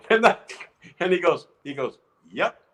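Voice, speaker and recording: An older man, an actor guest, telling lively anecdotes in a casual interview, restarting phrases often. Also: high-pitched, rough recording. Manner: animated anecdotes with many restarts.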